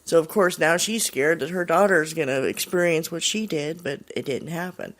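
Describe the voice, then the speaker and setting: A man's voice: a little high, moderate pace, a bit bright. A man hosting a show, casually retelling a listener's paranormal story in a rambling way, full of fillers. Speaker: podcast host.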